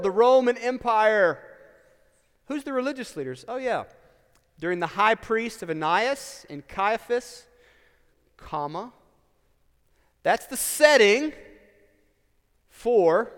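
A man's voice: high voice, smooth, long reverb tail. A male pastor, preaching a sermon in a conversational way, with asides and rhetorical questions.

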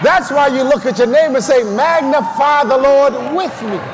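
A man preaching a shouted revival sermon, calling on the congregation to repeat his lines. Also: very high-pitched, moderate pace, noisy background. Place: church service with a crowd. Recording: live church mic with music and crowd.

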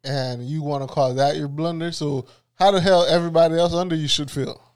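A man's voice: on the high side, steady tone, fairly quick, smooth. A man co-hosting a casual podcast, making short, blunt, slangy remarks. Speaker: podcast co-host. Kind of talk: casual chat.

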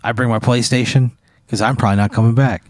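A man's voice: medium pitch, steady tone, fast talker, no echo. A young man co-hosting a comedy show, reacting to an absurd hypothetical with exasperated, incredulous, profane replies. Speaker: co-host. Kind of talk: comedic banter.

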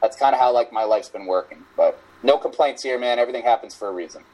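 A man's voice: mid-range voice, fast, warm tone, rough recording. Reflective male coach in his thirties. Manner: reflective, rambling, many "you know" fillers. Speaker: strength coach, guest. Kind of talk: casual interview chat.

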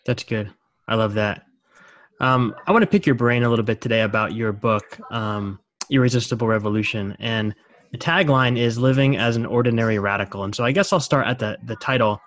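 A man hosting an interview, speaking in a measured way. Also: medium pitch, fairly bright tone. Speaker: podcast host. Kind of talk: interview conversation.

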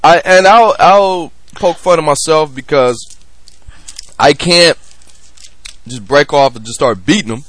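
Lively, joking podcast host man. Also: fairly high pitch, a little slow, long pauses, dry recording. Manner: animated, joking, rambling with restarts. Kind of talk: casual chat.

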